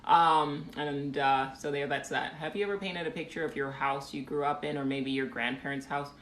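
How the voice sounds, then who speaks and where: A woman's voice: low-pitched, fairly even intonation, normal speed, a bit bright, a little hiss or hum. A woman painter chatting on a live phone stream, rambling casually with lots of ums and reading viewer comments aloud. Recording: echoey room.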